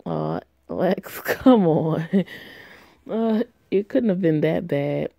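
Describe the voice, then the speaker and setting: A woman's voice: on the low side, drawn-out words, vocal fry, dark tone, dry recording, heavily acted. A woman voicing an encouraging young female best friend who talks in an upbeat, reassuring way.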